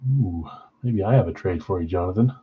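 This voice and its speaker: A man's voice: sits low, fairly quick, phone-quality sound, a little hiss or hum. A man hosting a live card break from a card shop, reading out names and teams in a casual, tired way. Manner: casual, reads names off a list, tired and yawning.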